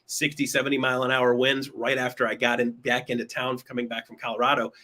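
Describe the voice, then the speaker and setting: A man's voice: mid-range voice, flat delivery, fast, sharp tone. A man hosting a weekly online show, chatting in an upbeat, casual way with fillers and restarts. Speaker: host. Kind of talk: casual livestream talk show.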